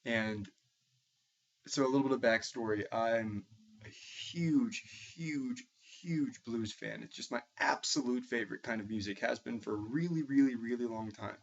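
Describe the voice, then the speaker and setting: Young man, New England accent, music teacher, hesitant reflective talk, mid-pitched voice, muffled recording. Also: moderate pace, creaky. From Massachusetts. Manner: thoughtful, hesitant, with frequent restarts. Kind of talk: casual spoken reflection. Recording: dull lo-fi recording.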